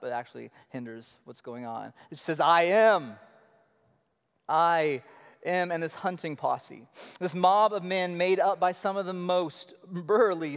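High-voiced man preaching in a hall. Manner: animated preaching, shifting between loud emphasis and low murmurs. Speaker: pastor. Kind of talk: sermon. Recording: long hall reverb.

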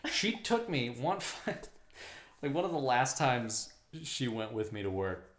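Brief: a mail carrier in a loose podcast chat, mid-pitched, swears a lot, room echo. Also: male voice, a little slow, slight background noise. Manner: profane, animated storyteller, acts out voices. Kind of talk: casual storytelling chat.

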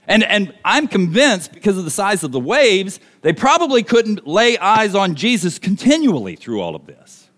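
A man delivers a sermon in a high, animated voice that swings widely in pitch. He keeps turning to his listeners with rhetorical questions. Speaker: pastor.

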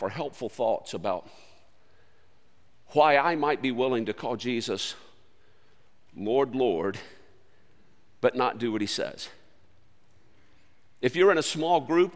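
A man preaching a sermon in an earnest, conversational way that swings between loud lines and hushed ones. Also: mid-range voice, long reverb tail. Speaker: pastor.

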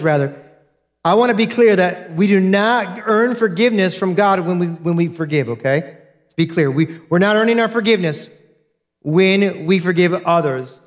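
A man preaching a sermon as a pastor, earnest and direct, repeating key points to his congregation. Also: fairly high pitch.

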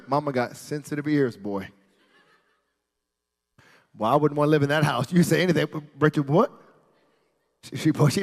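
Male preacher, animated storyteller, high voice, big hall reverb. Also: moderate pace, creaky, long pauses. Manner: playful asides, builds to shouting.

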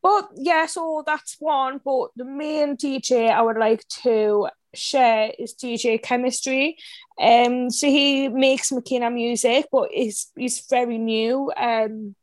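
A woman's voice: a little high, steady tone, slow, no echo. A young woman with a Geordie accent chatting casually as a podcast guest, enthusiastic and rambling, full of slang.

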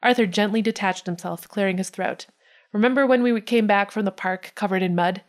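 A woman with a Midwestern accent reads fiction aloud in a relaxed podcast manner. She trips over words now and then and keeps it loose rather than polished. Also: medium pitch, fairly quick. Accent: Midwestern American. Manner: reads with stumbles and breaks into laughter. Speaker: reader of fan fiction on a podcast. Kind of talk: reading fiction aloud with casual chat.

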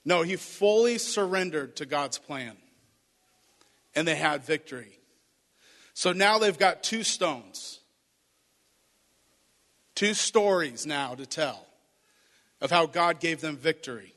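A man's voice: a little high, lively intonation, slow pace, pauses often, a bit bright. A man preaching a sermon, retelling a Bible story and acting out the voices of its figures. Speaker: pastor. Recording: reverberant hall.

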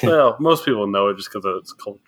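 A man's voice: lowish voice, brisk. A man co-hosting a podcast in casual chat, with dry jokes and banter. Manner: dry, joking, lively delivery. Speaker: podcast co-host.

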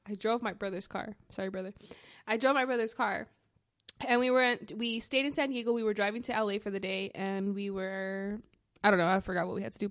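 A woman co-hosting a podcast, telling a story in a casual, profane, animated way. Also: medium pitch, no echo. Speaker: podcast co-host.

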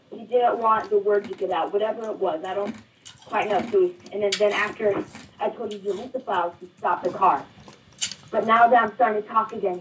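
A man's voice: high-pitched, far from the mic, a little hiss or hum, lightly acted, poor audio. A man playing a frightened young friend who is running at night, talking urgently over the phone and out of breath. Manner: breathless, urgent, whispering at times.

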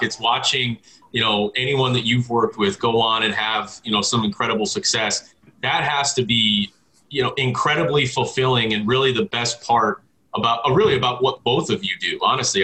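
A man co-hosting a podcast interview, speaking in a halting way with many restarts. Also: mid-range voice, pushed and bright, poor audio. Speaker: podcast co-host.

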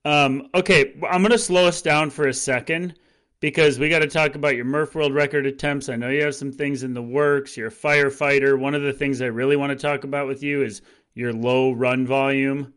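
A man's voice: mid-range voice, fairly even intonation, brisk, a bit bright, clean tone. A man hosting a podcast, asking questions in a chatty, self-deprecating way with plenty of fillers. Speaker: podcast host. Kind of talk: casual interview chat.

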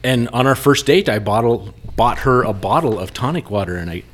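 A man's voice: mid-range voice, expressive, fairly quick. Upbeat man telling a dad joke. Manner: upbeat, cheers others on. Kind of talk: casual chat.

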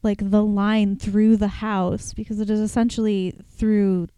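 A woman's voice: mid-range voice, little pitch movement, unhurried, warm tone, smooth, no room sound. Chatty woman podcast co-host. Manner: chatty, retells plots in detail. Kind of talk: casual chat.

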